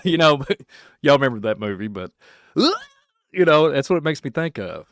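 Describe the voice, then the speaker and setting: A man from Kentucky with a Southern accent, hosting a rambling solo podcast, excitable and laughing often as he jumps between topics. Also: medium pitch, normal speed, long pauses, no echo. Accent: Kentucky Southern American. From Kentucky, USA. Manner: excitable, laughing, puts on silly voices. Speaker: podcast host.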